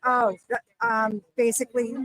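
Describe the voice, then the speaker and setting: A woman joining a livestream as a guest, recounting court events in an animated, casual way. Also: fairly high pitch, measured pace, low-quality recording. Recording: crowd noise behind the voice.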